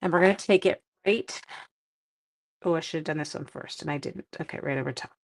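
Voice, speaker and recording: A low, creaky-voiced woman talks fairly quickly as she livestreams a card-stamping tutorial. She chats, replies to viewer comments mid-project, and pokes fun at herself.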